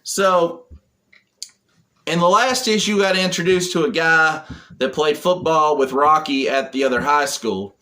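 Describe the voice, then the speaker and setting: A man's voice: a little high, a little slow, sharp tone. A man giving a casual spoken comic book review, retelling the plot in a rambling way with lots of fillers.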